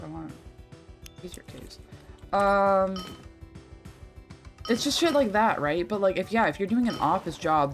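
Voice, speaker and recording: A young woman streaming a game, rambling and chatty, swearing freely as she talks. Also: fairly low pitch. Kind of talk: casual livestream chat while gaming.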